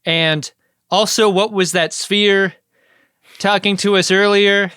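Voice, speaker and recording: A man with a high, bright voice banters on a podcast with dry, wry jokes. His speech is crisp and clean. The recording is close and dry. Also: fairly even intonation, slow, no echo. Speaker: podcast co-host. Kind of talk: casual chat recapping a TV episode.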